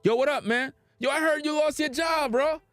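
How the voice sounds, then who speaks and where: A man doing a high, gleeful gossiping coworker. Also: moderate pace, fairly bright tone, no room sound, faint music behind. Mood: mock sympathy. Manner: slangy, over-familiar, repeats "bro". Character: fake-concerned gossiping male coworker, secretly gleeful.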